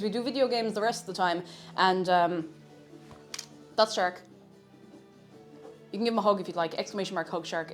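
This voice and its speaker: A young woman, chatting casually with viewers on a live cooking stream. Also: mid-range voice. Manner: chatty, greets viewers, makes silly animal noises.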